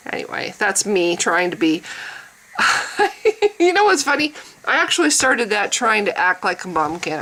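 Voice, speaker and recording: A woman's voice: mid-range voice, big pitch swings, measured pace, bright, forceful tone, poor audio. A middle-aged woman talking bluntly and profanely in a casual vlog monologue, laughing often. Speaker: vlogger.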